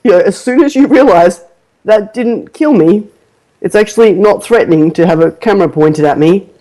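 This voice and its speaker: A woman hosting a marketing podcast in casual chat, animated and rambling with fillers, laughing often. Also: medium pitch, normal speed, low-quality recording. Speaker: podcast host, marketing coach.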